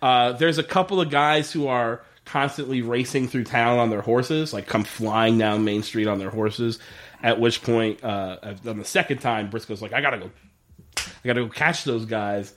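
Recapping a TV episode on a casual podcast, a male co-host swears without restraint, laughs frequently, and acts out scene dialogue. He speaks at a moderate pace with a medium, slightly bright voice and fairly even intonation.

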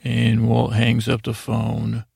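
Man, sleep podcast host, meandering bedtime recap, low-key, dry close recording. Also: monotone, slow pace, creaky, darkish tone, slightly rough, no echo. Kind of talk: rambling bedtime episode recap.

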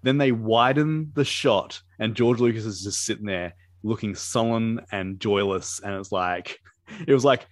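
Man, low voice, casual movie commentary, rambling, many fillers, laughs a lot, dry close sound. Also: unhurried, no echo. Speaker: podcast co-host.

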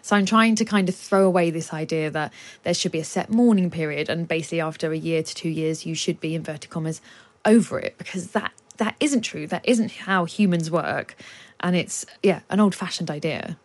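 A woman, a guest author, talking at length in a radio studio with lively explanations and laughs. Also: on the low side, fairly quick.

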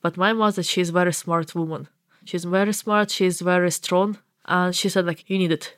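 A woman's voice: fairly low pitch, moderate pace, no room sound, studio quality. Ukrainian-accented woman telling her story. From eastern Ukraine. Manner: earnest, lively, non-native English grammar. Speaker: interviewee. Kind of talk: personal storytelling.

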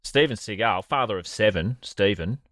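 Man, deep, sardonic podcast co-host, dry close sound. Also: normal speed, a bit bright, dry recording. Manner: sardonic, profane storytelling. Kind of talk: comedic podcast banter.

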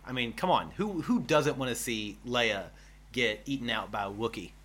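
A man's voice: mid-range voice, normal speed, fairly bright tone. A man co-hosting a casual chat, playful and laughing often. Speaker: podcast co-host.

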